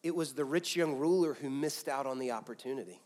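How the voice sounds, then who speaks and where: A man preaching a sermon as pastor, swinging from loud, pressing emphasis down to quiet, soft lines. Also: medium pitch, fairly quick. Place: church auditorium with a congregation.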